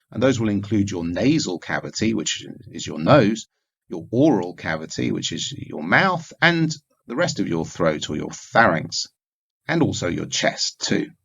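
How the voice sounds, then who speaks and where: A male lecturer with a low, gravelly, husky voice that still rises and falls a lot. He explains each point in a measured way with occasional fillers. The recording sounds dull and lo-fi. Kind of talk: recorded lecture on communication skills.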